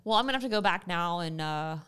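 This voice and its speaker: Woman, 30s, podcast co-host, rapid talker, animated, rambling, casual chat. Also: on the low side, clean tone.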